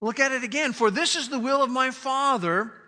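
High, bright-voiced preaching man. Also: in a large hall. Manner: emphatic preaching with slow, drawn-out key phrases. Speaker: pastor. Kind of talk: sermon.

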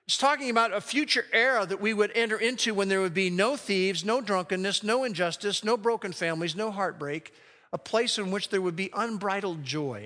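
High, bright-voiced preaching man. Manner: emphatic, slows down to read scripture. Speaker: pastor. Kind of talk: sermon. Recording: long hall reverb.

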